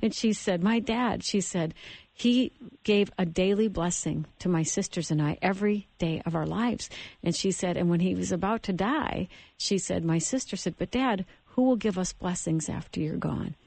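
A woman's voice: on the low side, vocal fry, a little mellow, no echo. Earnest woman hosting Christian radio. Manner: earnest, storytelling with halting restarts. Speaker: radio show host.

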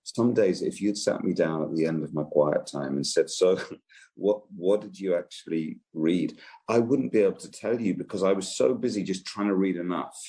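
A man being interviewed as an author guest. He talks gently and thoughtfully, with hesitant restarts. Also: sits low, fairly quick, few pauses. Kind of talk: interview answer.

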